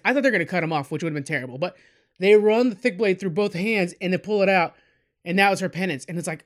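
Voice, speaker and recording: A podcast host talks through a movie in a relaxed, meandering way, with plenty of fillers and asides. His voice sits noticeably high for a man. It sounds like easygoing talk among fans, not a scripted read. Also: fast talker. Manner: rambling, chatty, many fillers, addresses listeners as guys. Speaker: podcast host reviewing a film. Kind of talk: casual spoken film review.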